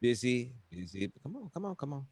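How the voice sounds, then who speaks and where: Man, host, profane ranting, lively pitch, dry sound. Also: brisk, no echo. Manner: loud, profane, animated ranting. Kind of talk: casual live-stream chat.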